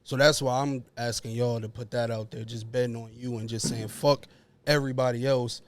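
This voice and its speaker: A man with a New Jersey accent hosts a podcast, talking bluntly in heavy slang to rally his guests. His voice is mid-pitched and sounds dry and close. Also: flat delivery, fairly quick, dry recording. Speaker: podcast host. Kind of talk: casual podcast chat.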